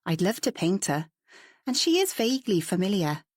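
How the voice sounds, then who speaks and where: A woman's voice: medium pitch, very animated, normal speed, no room sound, studio quality. A woman voicing a curious, outspoken woman painter who talks in a chatty, forthright way, in a storybook reading.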